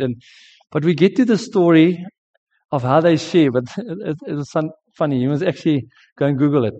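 A South African pastor preaching in a chatty, storytelling way, often restarting his sentences. His voice sits a little high. The recording is dull and lo-fi. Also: fairly quick, dark tone. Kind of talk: sermon.

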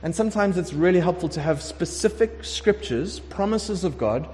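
A man preaching a conversational sermon, emphatic and lively, sometimes acting out prayers. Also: high voice, moderate pace, slight background noise. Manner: conversational, emphatic, acts out prayers in shifting voices. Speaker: pastor. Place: warm room with congregation. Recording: long hall reverb.

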